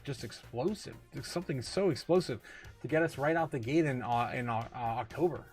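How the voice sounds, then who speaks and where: A man hosting a casual livestream, reading viewer comments aloud, laughing often and getting excited, full of drawn-out fillers. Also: medium pitch. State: tipsy, recovering from a night of drinking. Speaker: livestream host.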